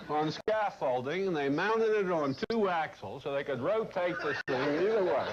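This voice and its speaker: A man giving a lecture to a corporate class, telling a long story in a blunt, salty, animated way. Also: high voice. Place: lecture room. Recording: muffled old videotape with faint hiss.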